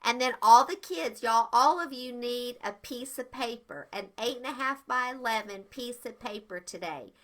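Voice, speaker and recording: A woman's voice: on the high side, moderate pace, hardly any pauses, fairly bright tone. An older woman, hosting a live etiquette show for kids and greeting viewers with bubbly enthusiasm. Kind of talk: live-stream lesson for kids.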